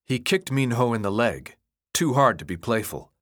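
A man narrates a novel with expressive storytelling. His pitch sits mid-range but moves in lively arcs through each sentence. It is a scripted audiobook reading. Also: moderate pace.

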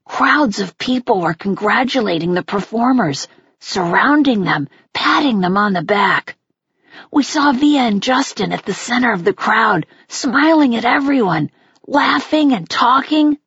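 A woman narrating a first-person audiobook in a gentle, unhurried way. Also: fairly high pitch, expressive, husky, dry recording, lo-fi sound.

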